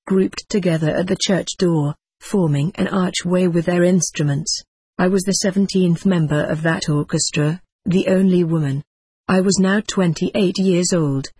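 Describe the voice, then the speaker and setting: A woman with a low, husky voice reads an audiobook memoir in a measured, steady way. The recording is close and dry, with no room sound. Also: no room sound. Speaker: narrator.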